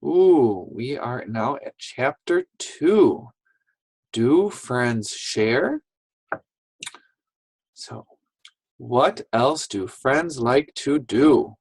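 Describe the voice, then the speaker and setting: A woman teacher giving a reading lesson to young children, animated and slow, with gasping praise. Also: extremely low pitch, breathy edge, dry recording, rough recording.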